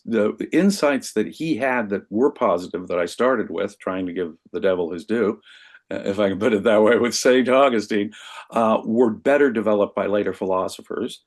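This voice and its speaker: A man speaking as a guest in a conversational discussion, animated and emphatic, with frequent restarts. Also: fairly low pitch.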